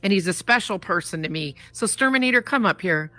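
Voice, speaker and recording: A woman's voice: fairly low pitch, brisk. A woman hosting a live talk show in a virtual world, effusive and emotional, talking through a headset mic. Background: faint guitar music.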